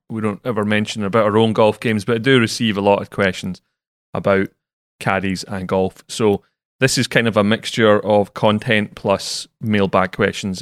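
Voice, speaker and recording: Low-voiced podcast host. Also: male voice, no room sound, clean studio sound. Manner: steers the talk, relaxed and chatty. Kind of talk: casual podcast chat.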